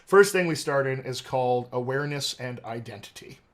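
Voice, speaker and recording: A man's voice: medium pitch, a little fast. An American man, an accent coach, explaining his teaching method methodically in an interview. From United States. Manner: articulate, methodical, lecturing.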